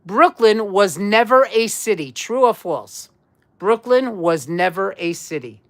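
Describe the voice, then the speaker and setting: A woman's voice: mid-range voice, expressive, measured pace. A woman hosting a casual live-stream trivia quiz, chatty and repeating herself as she talks to viewers. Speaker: livestream trivia quiz host.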